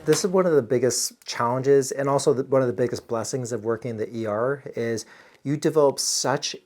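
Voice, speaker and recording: A man's voice: mid-range voice, fairly quick, a little mellow. An earnest man in his thirties talks the listener through emergency care, conversational and explanatory. He sounds like a working doctor walking through what he would do on shift. His tone is plain and direct. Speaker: emergency physician. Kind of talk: casual reaction commentary.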